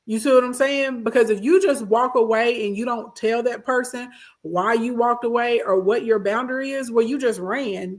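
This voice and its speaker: A woman hosting a casual advice stream, reading out viewer comments and answering them in an emphatic way that repeats points and keeps checking in. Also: fairly high pitch. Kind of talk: casual advice talk, livestream.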